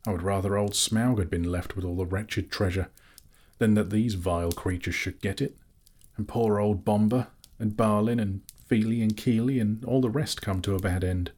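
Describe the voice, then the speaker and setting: A man's voice: fairly low pitch, steady tone, normal speed, darkish tone, husky. A man voicing a small, anxious, fussy male hobbit who frets to himself, in an audiobook reading. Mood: fretful. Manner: worried, self-pitying musing.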